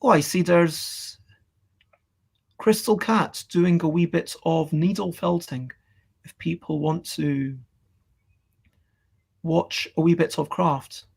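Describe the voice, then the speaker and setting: A woman's voice: lowish voice, slow pace, gravelly, long pauses, a little mellow, husky. A woman, chatting in a cheerful, rambling way with her live stream audience. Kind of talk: casual chat to a live stream chat.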